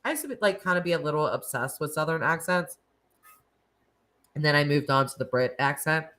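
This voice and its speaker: Hosting a laid-back live-stream chat with viewers, a woman with a Northeastern American accent speaks fairly quickly in a voice low for a woman yet a bit bright, with lively intonation. She rambles happily, sprinkling in "like," "you know," and little laughs.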